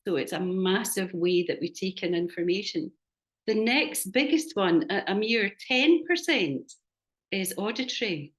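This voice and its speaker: A woman facilitating a supervision workshop on a video call, calmly explaining a point. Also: medium pitch, unhurried.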